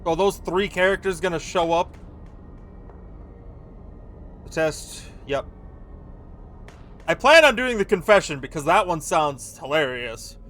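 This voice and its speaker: A man's voice: a little high, expressive, measured pace, pauses often, fairly bright tone, slight background noise. A man hosting a gaming video, reading on-screen game text aloud with casual commentary.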